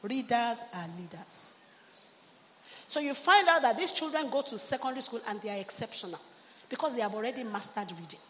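A woman's voice: on the high side, expressive, brisk. A middle-aged woman pastor preaching a sermon, exhorting her congregation and calling for amens and hallelujahs. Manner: exhorting, call-and-response with the congregation. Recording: long church hall reverb, faint ambient noise.

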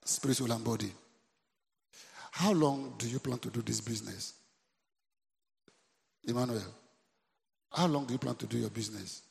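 A Nigerian man preaching a sermon in a reverberant church hall. His voice is heavily gravelly and sits at a middle pitch. He keeps calling out to the congregation and repeating his lines for effect. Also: normal speed, pauses often. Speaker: pastor.

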